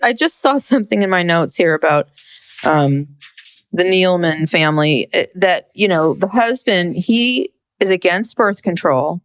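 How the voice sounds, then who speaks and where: A woman's voice: lowish voice, animated, unhurried, no echo. A woman co-hosting a podcast in casual chat, blunt and concerned in tone. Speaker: podcast co-host.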